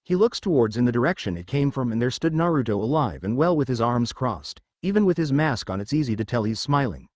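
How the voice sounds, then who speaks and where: A man narrating a fan fiction story, reading steadily through the action. His pitch is lively and the sound is dry and close, with no room around it. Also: a little fast, hardly any pauses, dry recording.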